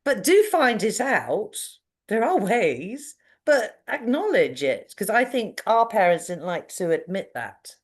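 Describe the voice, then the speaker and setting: A middle-aged woman, a parenting coach speaking as a podcast guest, telling stories in an animated, expressive way. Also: slow, slightly rough. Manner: expressive, animated storytelling with big pitch jumps. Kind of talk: conversational interview.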